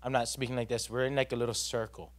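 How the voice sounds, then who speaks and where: A man's voice: mid-range voice, flat delivery, fast talker. A young man, giving an earnest, rambling personal testimony at a church youth gathering, full of fillers and restarts.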